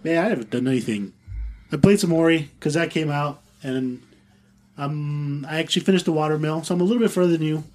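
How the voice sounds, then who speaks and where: A man's voice: on the high side, brisk, a little mellow. A man co-hosting a gaming podcast, talking in an easygoing, casual way. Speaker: podcast co-host.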